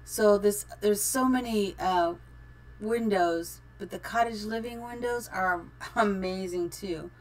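A woman's voice: medium pitch, takes it slowly. Chatty middle-aged woman streaming a build. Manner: chatty, thinks aloud, giggly. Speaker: game streamer. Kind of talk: casual live-stream building commentary.

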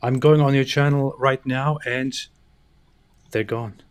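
A man's voice: medium pitch, fairly even intonation, measured pace, clear, resonant tone. A man co-hosting a casual live stream, playful and teasing, laughing often.

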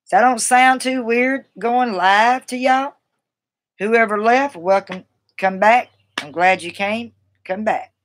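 A woman's voice: on the high side, measured pace. A woman with a Southern US accent chatting casually on a live stream, folksy and chatty, laughing easily as she talks to viewers through her phone or webcam. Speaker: livestreamer.

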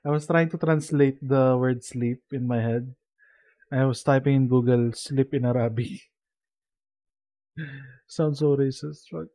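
A man's voice: mid-range voice, steady tone, measured pace, pauses often, mellow, no echo. A sleepy young man with a Filipino accent, mumbling to himself as he streams a game. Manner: mumbling to himself, code-switching into Tagalog. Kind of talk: casual gameplay commentary.

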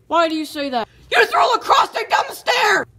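Woman doing a plush animatronic bear, high-pitched, swooping, shrill indignant yelling, toy skit. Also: sing-song, moderate pace, heavily acted. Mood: outraged. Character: jumpy plush animatronic bear, scared of fireworks.

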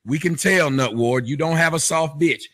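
A man's voice: a little high, moderate pace, a bit bright. A man hosting a commentary show, mocking the clips he plays in a sarcastic, sing-song teasing way. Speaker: commentary host.

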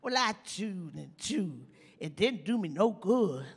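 A woman's voice: medium pitch, very animated, takes it slowly, husky, full character voice. An actress playing a bawdy older woman comedian, telling teasing stories in a live stage comedy monologue. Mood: storytelling. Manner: bawdy, teasing, drawls and chuckles through punchlines. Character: sassy old woman comedian, bawdy storyteller. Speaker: stand-up comic in a stage play. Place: large theater stage with audience. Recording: long reverb of a large hall.

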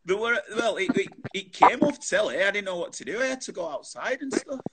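A man's voice: high-pitched, big pitch swings, a little fast, a crowd in the background. A man hosting a casual chat show over a video call, chatty and full of matey banter.

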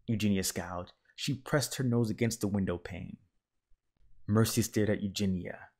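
A man reading a children's picture book aloud in a calm, measured narration. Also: fairly low pitch. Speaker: storyteller.

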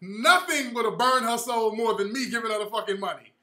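A man talks with a bright, cutting edge as he hosts his own show. He tells a story in a profane, mocking way and laughs along at it. A roomy echo hangs around his voice. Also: very high voice, a little fast. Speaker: podcast host. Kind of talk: casual storytelling monologue.

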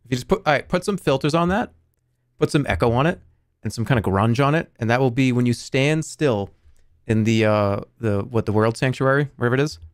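A man streaming games live, chatting excitedly, swearing and yelping in bursts. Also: medium pitch, a little fast. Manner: excitable, yelps and swears, breaks into laughter. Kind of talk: casual live-stream chatter while gaming.

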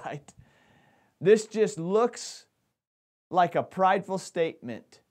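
A man's voice: sits high, lively intonation, unhurried, pauses often, darkish tone. A man preaching a sermon as pastor, talking animatedly and often restarting his phrases.

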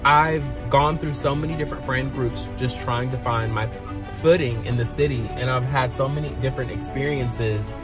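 A man vlogging in casual chat from his parked car, excitable and full of slang, with the hiccups. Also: medium pitch, moderate pace, music in the background. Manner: excitable slang-heavy talk with many restarts.

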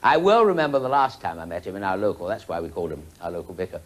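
A man's voice: sits low, expressive, very fast, slight background noise. A man telling a rambling joke at a TV birthday show, interrupting himself with asides. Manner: rambling, self-interrupting storyteller.

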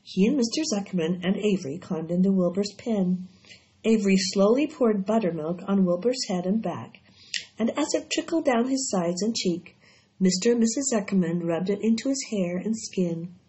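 A woman reading a children's story aloud in a steady, expressive way. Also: medium pitch, moderate pace. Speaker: audiobook reader. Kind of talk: storybook read-aloud narration. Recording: dull lo-fi recording.

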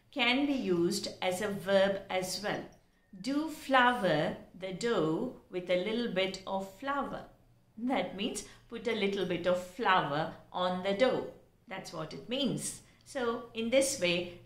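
Slow, careful teacher woman. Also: mid-range voice. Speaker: English pronunciation teacher. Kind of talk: spelling out and explaining words. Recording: echoey room.

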